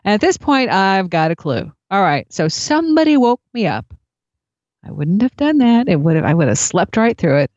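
A woman telling a personal story in a reflective, unhurried way. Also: mid-range voice, big pitch swings, darkish tone, dry recording. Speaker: speaker sharing spiritual experiences. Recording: dull lo-fi recording.

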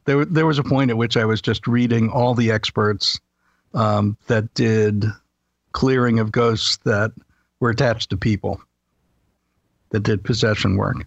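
Calm gravelly man explaining plainly. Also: on the low side, a little slow, no echo. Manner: calm, explanatory, matter-of-fact. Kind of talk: casual conversation. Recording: dry, slightly dull sound.

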